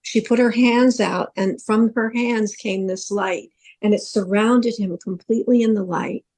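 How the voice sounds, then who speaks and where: A woman's voice: mid-range voice, fairly even intonation, unhurried, darkish tone. A middle-aged woman, a psychic medium co-hosting a podcast, earnestly recounting a vivid dream in casual storytelling.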